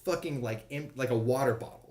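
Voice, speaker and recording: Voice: mid-range voice, quick pace, darkish tone. A podcast host in their thirties telling a rowdy story in casual chat, with plenty of swearing. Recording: echoey room.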